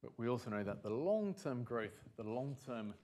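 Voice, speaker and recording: A man's voice: medium pitch, moderate pace. Emphatic man giving a conference talk. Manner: animated, emphatic, repeats key phrases. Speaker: conference speaker.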